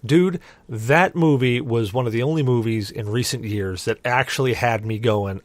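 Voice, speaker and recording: A man's voice: medium pitch, moderate pace, few pauses, no room sound. Man, young adult, podcast host, rambling storyteller, dead-dry sound. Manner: animated, rambling, frequent restarts. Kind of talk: casual storytelling.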